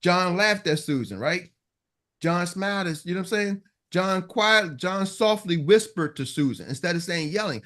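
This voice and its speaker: Emphatic high-voiced sales coach, man. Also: expressive, moderate pace, a bit bright. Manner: emphatic, repeats himself, acts out customer lines. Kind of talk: motivational coaching talk.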